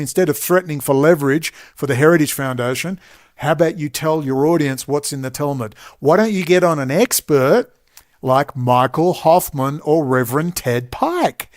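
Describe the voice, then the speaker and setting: An Australian man delivering a combative, sarcastic ranting monologue to camera, talking loudly. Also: on the high side. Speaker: online commentator.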